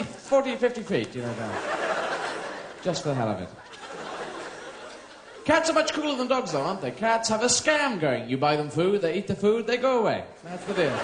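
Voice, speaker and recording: British man in his thirties, stand-up, playful and rambling, lively up-and-down voice, echoey theatre sound. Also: high-pitched, normal speed, very noisy. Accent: British English. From England. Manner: rambling, playful, jumps into silly character voices. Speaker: stand-up comedian. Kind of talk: surreal stand-up routine. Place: large theatre stage. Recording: echoey live theatre recording.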